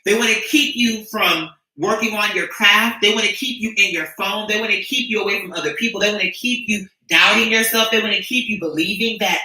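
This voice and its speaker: A woman's voice: mid-range voice, brisk, few pauses, pushed and bright, recorded from a distance. Preachy woman livestreamer, fervent and foul-mouthed, recorded off-mic in an echoey room. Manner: fervent, profane, preachy ranting. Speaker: streamer addressing her followers. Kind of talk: impassioned livestream monologue.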